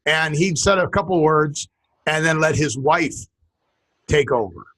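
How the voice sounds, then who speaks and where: Husky-voiced man rambling in casual chat. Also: on the high side, measured pace. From western United States. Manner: rambling, animated storyteller. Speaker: podcast co-host.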